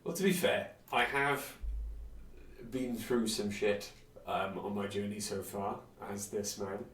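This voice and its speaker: A man's voice: fairly low pitch, fairly even intonation, slow pace, a bit bright, a little hiss or hum. A man chatting casually while streaming a game, rambling and self-deprecating, with many fillers. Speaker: game streamer and dungeon master. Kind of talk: casual let's-play chat. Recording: roomy from mic distance. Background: game music.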